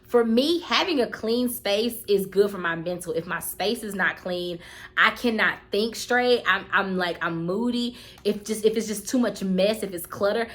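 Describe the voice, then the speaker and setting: A woman's voice: mid-range voice, normal speed, fairly bright tone. Mom in her 30s vlogging, heartfelt, keeps repeating herself, kinda choked up. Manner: heartfelt, earnest, repeats phrases, gets choked up. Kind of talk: casual talking-to-camera vlog.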